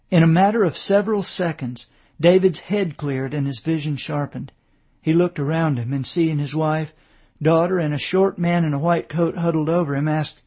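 A man reads a novel aloud in a measured storytelling voice. His voice is gravelly and husky, sitting a little high for a man. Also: steady tone, darkish tone. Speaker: narrator. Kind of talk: audiobook narration.

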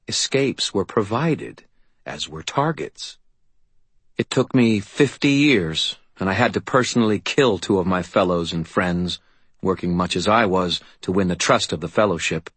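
Calm centuries-old schemer, voiced by a husky-voiced man, very low, quiet and deferential. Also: measured pace, dry recording, heavily acted. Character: calm, ruthless, centuries-old male double agent.

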